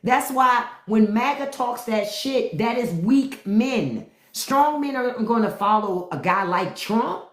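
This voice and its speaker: She speaks slowly with a voice on the high side, lively intonation, and hardly any pauses. Hosting a live stream podcast in an echoey room, she rants profanely and mocks her chat without any filter.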